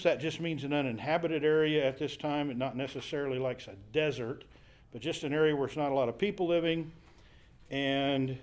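Slightly high-voiced man teaching Bible study. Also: darkish tone. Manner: thinking aloud with fillers and restarts, paraphrasing scripture.

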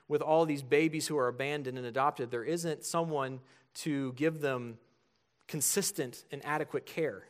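Pastor guy preaching, kinda high voice, earnest, gets emphatic. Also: fairly bright tone. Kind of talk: sermon.

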